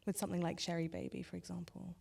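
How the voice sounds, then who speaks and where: A woman interviewing a guest on stage in front of an audience, admiring and enthusiastic as she asks gentle questions. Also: lowish voice, flat delivery, fast talker, vocal fry, recorded from a distance. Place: cinema auditorium with live audience.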